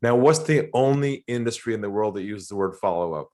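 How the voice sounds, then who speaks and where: A middle-aged Australian sales trainer speaks in a fairly low voice during an interview, talking a little fast. He's an animated storyteller who tells anecdotes with lively energy, slips into acted-out quoted voices, and laughs often along the way.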